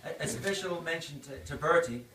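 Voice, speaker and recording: A man's voice: on the high side, a little fast, over loud music. An Irish man in his fifties, a doctor, giving a birthday speech full of anecdotes and laughing through his punchlines. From Ireland. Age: 50s. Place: indoor party venue. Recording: echoey, distant, noisy party room.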